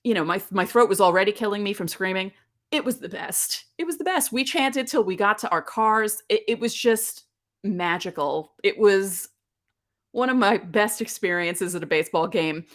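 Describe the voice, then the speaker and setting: A woman's voice: mid-range voice, normal speed. A woman in her thirties hosting a podcast, telling a nostalgic story in a chatty way with lots of asides. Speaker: podcast host. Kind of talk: casual solo podcast talk.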